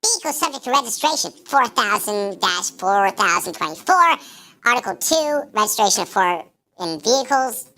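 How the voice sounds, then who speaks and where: A squeaky male commenter, mocked in a thin, piercing falsetto, as a man puts him on. The reading is slow and sing-song, every word stretched out in mockery. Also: sing-song, pushed and bright, full character voice. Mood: mocking.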